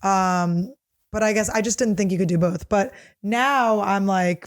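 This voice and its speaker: A woman's voice: medium pitch, measured pace. A woman in her thirties hosting a podcast, telling a comic story in a loose, rambling, profane way with lots of fillers. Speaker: podcast host. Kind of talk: casual comedic storytelling.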